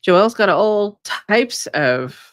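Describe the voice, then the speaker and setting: A woman's voice: mid-range voice, lively intonation, takes it slowly, no echo, studio quality. A woman co-hosting a casual live stream about energy healing, rambling with many fillers. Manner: rambling, many ums and you-knows. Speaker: co-host, energy healer.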